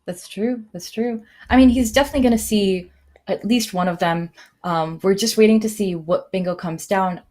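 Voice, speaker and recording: Lively woman commenting on a live game. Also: mid-range voice. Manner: lively, thinking aloud with frequent fillers. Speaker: tournament commentator.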